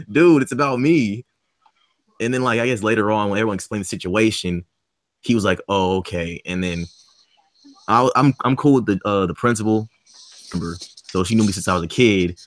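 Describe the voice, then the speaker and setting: Low-voiced man telling a rowdy story. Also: moderate pace, no echo. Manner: animated, profane, acts out quoted dialogue. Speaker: podcast panelist. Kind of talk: casual storytelling chat.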